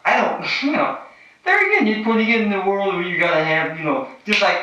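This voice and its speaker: A man with a high, swooping voice rambles in a slow, giggly drift, looping back on the same words. He sounds bright and edgy, heard from some distance in a very echoey room on a dull, muffled old tape. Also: lively intonation, a little hiss or hum. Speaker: documentary subject. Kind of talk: candid rambling monologue.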